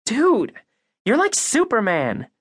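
A man voicing a fiery, guarded young woman with a sharp, sarcastic edge in an audiobook. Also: very high-pitched, huge pitch swings, slow pace, husky, no echo, studio quality, voice pushed up, heavily acted. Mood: teasing.

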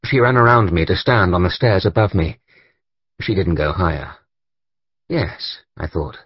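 Husky, low-voiced male audiobook narrator. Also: unhurried, dry recording, dull audio. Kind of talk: scripted first-person narration.

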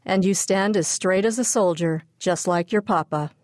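A friendly older man in a children's storybook, unhurried and kindly toward the girls, as a woman narrator reads him. Her voice is fairly low and dry. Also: darkish tone, no room sound, lightly acted.

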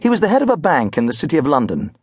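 A man narrating an audiobook in a wry, expressive storytelling manner. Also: on the high side, rapid-fire, breathy edge, no room sound, studio quality. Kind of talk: scripted narration.

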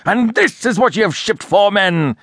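A man voicing an obsessed old sea captain who rants and shouts in an audiobook. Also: sits low, big pitch swings, slow, no echo, studio quality, pitched below the performer's own voice, full character voice. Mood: raging. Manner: ranting, shouting, wildly swinging.

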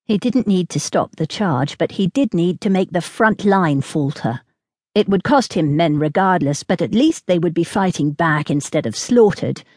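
Reading a historical romance audiobook, a woman with a fairly low pitch keeps a steady, measured storytelling pace. The studio recording is close-miked and dry.

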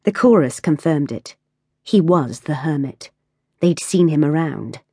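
Audiobook narrator: low-voiced, husky woman, measured read, dry close mic. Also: animated, warm tone, no room sound. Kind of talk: scripted narration.

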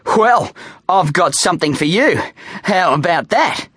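A man voicing a boy school bully who tries to sound tough, his voice pitched high and shaky. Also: big pitch swings, measured pace, fairly bright tone, slightly rough, dry recording, clean studio sound, heavily acted. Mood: fake-tough. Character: boy school bully, blustering but scared.

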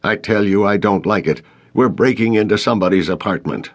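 A male audiobook narrator gives voice to a lazy, surly building manager with a raspy, gravelly growl. He grumbles and complains through everything and sounds stubborn and rude. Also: on the low side, brisk, lightly acted. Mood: grumbling. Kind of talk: audiobook character voice.

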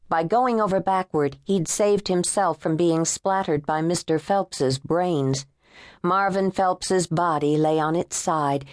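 A woman narrating an unabridged thriller audiobook in a measured, tense storytelling manner. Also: on the low side, a little mellow, dry recording, studio quality. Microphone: close studio mic.

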